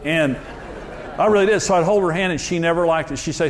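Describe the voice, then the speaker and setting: Guy pastor telling funny stories on himself, kinda high voice, light hiss in the background. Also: fast. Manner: self-deprecating, jokey, animated storyteller. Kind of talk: humorous sermon storytelling.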